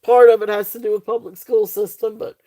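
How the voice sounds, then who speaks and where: A woman's voice: mid-range voice, level tone, brisk, dark tone. A woman hosting a casual live jewelry sale, chatty and laughing often, with many fillers and restarts. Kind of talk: casual live-stream sales chat.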